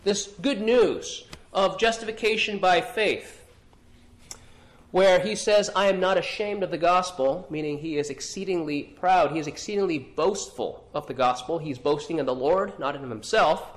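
A man preaching an expository sermon, earnest, often repeating and restarting phrases and clearing his throat. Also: a little high, moderate pace. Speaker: pastor.

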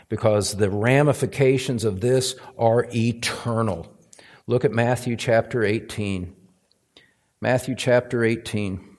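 Emphatic slow-preaching male pastor. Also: fairly low pitch, darkish tone. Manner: emphatic, rising to stressed points, repeats words. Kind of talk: sermon. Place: church sanctuary.

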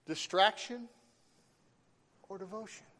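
A man preaching a sermon, slow and emphatic, with dramatic pauses between phrases. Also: high voice, fairly bright tone.

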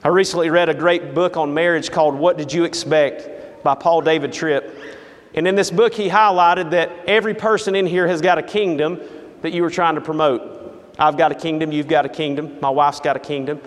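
A pastor preaches in a high, bright voice, acting out the story with drama and emphasis. His voice rings with the long echo of a large hall. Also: steady tone, fairly quick. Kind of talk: sermon. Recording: echoey hall.

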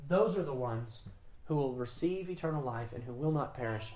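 A woman's voice: rumbling low, expressive, normal speed, roomy sound, very noisy. A woman giving a Bible lesson, explaining the grammar of a verse with emphatic repetition. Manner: emphatic, explanatory, repeats key phrases. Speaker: Bible teacher. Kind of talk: Bible teaching on scripture and grammar.

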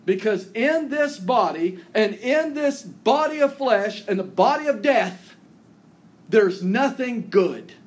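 Slow, high-voiced male preacher. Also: expressive. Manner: earnest preaching, drawn-out phrases that drop low and soft at the ends; reads scripture aloud with rising emphasis. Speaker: pastor. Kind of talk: sermon.

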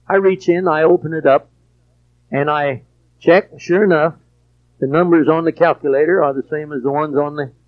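High-pitched preacher guy, slow and deliberate, goes quiet then loud, kinda muffled recording. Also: steady tone. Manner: preachy, swings from quiet to shouted emphasis. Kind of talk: sermon. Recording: dull lo-fi recording.

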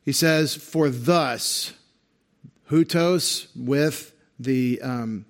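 This pastor, drawing out his words in a mid-range voice, preaches an expository sermon. Like a teacher, he patiently explains Greek grammar and points things out on a screen.

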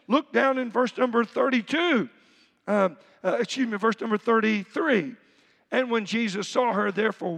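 Man, pastor, conversational sermon, very high voice, gravelly, echoing church hall. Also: a bit bright. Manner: conversational preaching, acts out everyday quotes. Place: church sanctuary.

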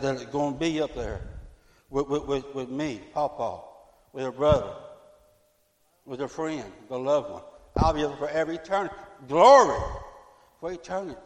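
Fervent middle-aged preacher in echoing hall. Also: male voice, medium pitch. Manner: fervent, repetitive, swinging from loud to hushed. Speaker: pastor. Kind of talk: sermon. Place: church sanctuary. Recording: echoey church hall.

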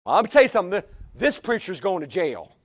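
A middle-aged man preaching a sermon, emphatic, swinging between hushed and loud delivery. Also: high-pitched, very animated, fast talker.

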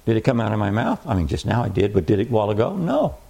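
Mellow-voiced man preaching a sermon. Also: lowish voice, very animated, gravelly, breathy edge. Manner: emphatic, repeats key phrases, slows on scripture.

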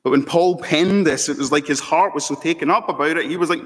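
A man preaching a sermon as pastor, slow and emphatic, building to fervent peaks. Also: on the high side, a bit bright. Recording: long hall reverb.

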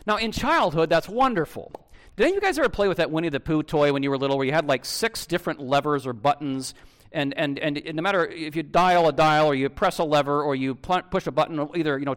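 A man preaching a sermon in a conversational, animated way, with frequent restarts and direct questions to the congregation. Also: on the high side, fast talker, clear, resonant tone. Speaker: pastor.

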